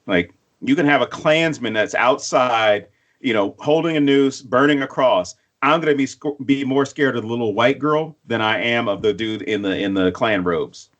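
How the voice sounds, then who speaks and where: Profane, animated man co-hosting a podcast. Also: medium pitch, moderate pace. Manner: acts out quotes in other voices. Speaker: podcast co-host. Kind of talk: casual chat.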